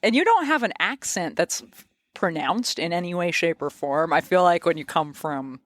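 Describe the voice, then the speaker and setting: Male podcast host, high voice, chatty, laughs easily, dry close sound. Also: animated, normal speed, fairly bright tone, no room sound. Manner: chatty, laughs often, curious. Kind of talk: casual interview chat.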